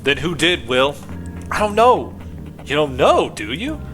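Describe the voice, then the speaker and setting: A man voicing a gruff male police detective who needles a suspect and bursts into shouted threats, with game music behind. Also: a little high, sing-song, a little slow, pitched above the performer's own voice. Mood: pressing.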